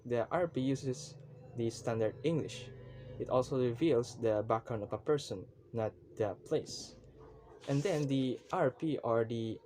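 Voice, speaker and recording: A man giving a recorded class lecture, reading definitions aloud in a halting, repetitive way. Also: medium pitch, darkish tone, a little hiss or hum. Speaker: student presenter.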